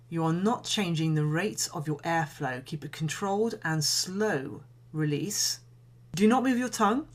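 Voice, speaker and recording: Calm woman teaching singing. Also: deep voice. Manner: calm, measured instruction with demonstrations. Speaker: singing coach. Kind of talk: instructional voice lesson.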